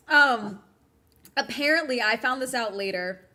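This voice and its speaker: A woman's voice: lowish voice, fairly quick, very noisy. A young woman from Southern California with a Southern California accent, chatting casually on a livestream as host and reading chat aloud, with lots of ums and likes. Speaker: streamer host.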